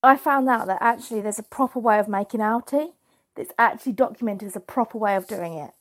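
A British woman chatting casually as a co-host, brisk and amused, talking through things step by step. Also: a little high. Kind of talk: casual chat.

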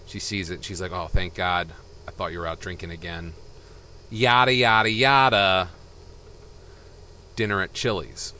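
Bright, animated man telling a joke. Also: low-pitched, fairly quick. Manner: animated storyteller, shifts voices for characters. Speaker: podcast co-host. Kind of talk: casual joke-telling chat.

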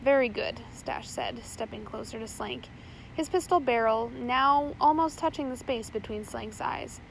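A woman's voice: on the high side, measured pace, gravelly, a little hiss or hum, low-quality recording. A woman narrating a chapter of a storybook aloud, reading steadily with small slips. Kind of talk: audiobook reading.

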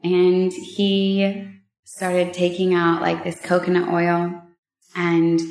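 A woman on a vlog, telling a personal story in a casual, heartfelt way, with emotional pauses and many fillers. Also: fairly low pitch, gravelly, darkish tone, echoey room. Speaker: vlogger sharing a personal story.

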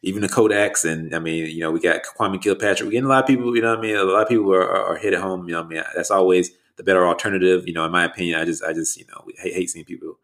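Male co-host, very deep voice, easygoing rambling talk. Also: rapid-fire, few pauses, a bit bright. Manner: laid-back, rambling, heavy fillers and restarts. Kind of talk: casual chat.

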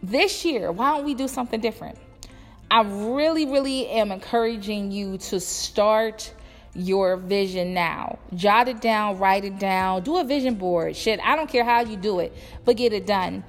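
A woman's voice: mid-range voice, unhurried. A young woman entrepreneur giving a blunt, motivational talk to her viewers, cussing freely. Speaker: entrepreneur and vlogger. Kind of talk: casual motivational talk to camera. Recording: long echo with music behind.

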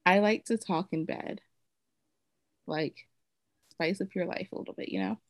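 A woman's voice: lowish voice, measured pace, vocal fry, no room sound. A woman co-hosting a podcast, telling frank stories in a rambling, casual way with lots of fillers. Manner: candid, rambling storytelling with many fillers. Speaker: podcast co-host. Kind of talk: casual chat.

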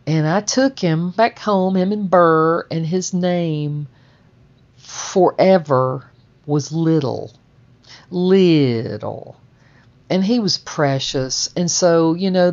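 A woman's voice: deep voice, a little mellow, dull audio. A woman telling a personal memoir story in a rambling, conversational way, full of "and so" and "you know".

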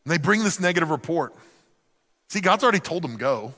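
A man preaching a sermon in an animated way, acting out the voices of the people in the story. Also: on the high side, brisk, big-room sound. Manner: animated, acts out quoted voices. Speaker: pastor.

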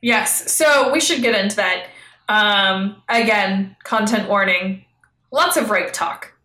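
A woman's voice: medium pitch, slow pace, bright, forceful tone, echoey room, low-quality recording. A woman co-hosting a podcast in casual chat, blunt and sarcastic. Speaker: podcast co-host.

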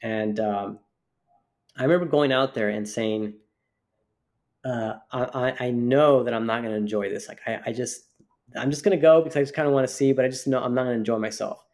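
Male podcast co-host, mid-pitched, talks in long rambling anecdotes. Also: brisk, a little mellow. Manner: rambling storyteller, many restarts and fillers. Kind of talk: casual chat.

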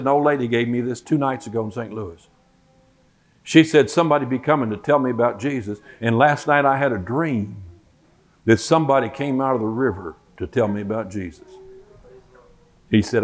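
Older male preacher, folksy storyteller, mid-pitched, acts out the voices in his story. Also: fairly quick. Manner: folksy, animated storyteller acting out quotes. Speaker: Bible teacher. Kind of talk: sermon storytelling.

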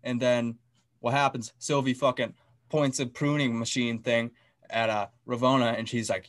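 A man's voice: mid-range voice, moderate pace, no echo. Guy on a podcast hyped up recapping an episode, cursing a lot, dry close mic. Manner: excitable, profane, acts out scenes. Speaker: podcast co-host. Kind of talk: casual chat, recapping a TV episode.

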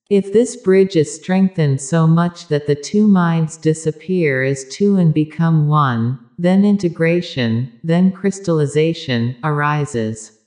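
A spiritual teacher delivers a calm, measured discourse built on repeated, parallel phrasing, in a mid-range voice.

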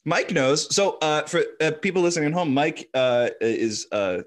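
A man's voice: a little high, lively intonation, moderate pace. A man co-hosting a comedy podcast, chatting casually with frequent laughs and many fillers. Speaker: podcast co-host.

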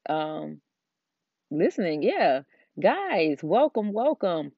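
A woman's voice: low voice, dry recording. Brief: middle-aged woman, Southern drawl, chatty podcast host, dry and slightly dull recording. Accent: Southern American. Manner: chatty, rambling, frequent fillers. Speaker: podcast host and Christian life coach. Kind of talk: casual solo podcast talk.

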